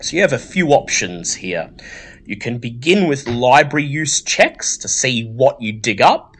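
Brief: unhurried male game master describing scenes, expressive rise and fall. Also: medium pitch. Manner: measured, descriptive narration. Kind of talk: narrating a tabletop horror game.

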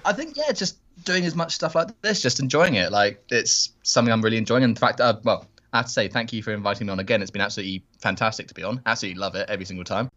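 A British man appearing as a podcast guest, chatting quickly and politely with lots of fillers. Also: on the low side, animated, a bit bright, highs cut off. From Britain. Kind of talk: casual chat.

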